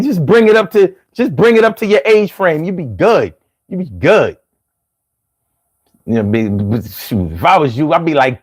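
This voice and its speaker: Animated Philadelphia man chatting casually. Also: fairly high pitch, breathy edge. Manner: loose and animated, drawls words out when joking. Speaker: live stream host. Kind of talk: casual live-stream chat.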